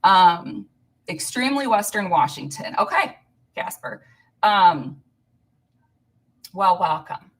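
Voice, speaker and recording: Chatty low-voiced woman in her thirties. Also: sing-song, slow, pauses often, a bit bright. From Illinois. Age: 30s. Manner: chatty, rambling, laughs often. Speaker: fill-in live-stream host. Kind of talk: casual live-stream chat, greeting viewers. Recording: voice a bit far from the mic.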